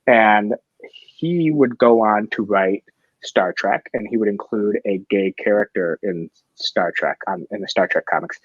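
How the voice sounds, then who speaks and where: A man's voice: on the low side, measured pace, no room sound. A man hosting a casual comics talk show, talking eagerly and rambling with restarts. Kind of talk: casual chat. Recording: dry, dull lo-fi sound.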